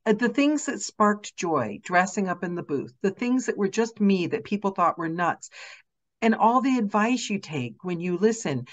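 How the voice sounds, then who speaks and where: A woman with a mid-pitched voice hosting a conversation with another narrator. She talks in a chatty, eager way and often agrees and jumps in with her own stories. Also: expressive, normal speed. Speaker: podcast host and narrator. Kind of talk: interview conversation.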